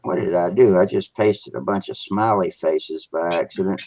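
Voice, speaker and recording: Deep-voiced man hosting a video hangout. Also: fairly even intonation, normal speed, a little mellow, no room sound. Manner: rambling, narrates his own computer trouble. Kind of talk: casual chat on a video call. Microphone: computer mic on a video call.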